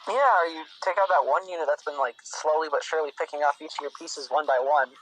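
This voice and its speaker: A man's voice: fairly high pitch, quick pace, a bit bright, a little hiss or hum, rough recording. A young man chatting casually as a guest, thinking aloud and restarting his sentences often. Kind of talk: casual chat.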